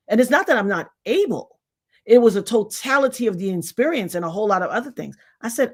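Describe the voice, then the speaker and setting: A middle-aged woman speaks in a slightly high voice and lectures her viewers. She delivers a blunt, emphatic monologue in a preachy, direct manner. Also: animated, fast, breathy edge. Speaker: vlogger. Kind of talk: casual commentary monologue.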